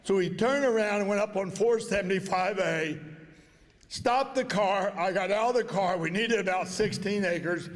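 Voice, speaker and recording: High-voiced folksy older man. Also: normal speed, long reverb tail. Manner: folksy, plain-spoken storyteller. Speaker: inductee giving a speech. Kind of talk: storytelling speech at an awards dinner. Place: banquet hall.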